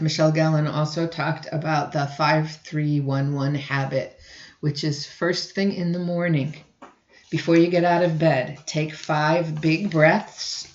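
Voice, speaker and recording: A woman instructor giving a recorded lecture, often clearing her throat and restarting sentences. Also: low voice, roomy sound, lo-fi sound. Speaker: college instructor.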